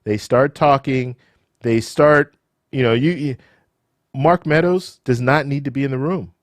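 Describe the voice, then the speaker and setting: A man hosting a live show, who says he is losing his voice. He talks in a casual, animated way, with rhetorical questions, repeated words and restarts. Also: medium pitch, measured pace, no room sound, clean studio sound. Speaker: livestream host. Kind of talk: casual live commentary and chat Q&A.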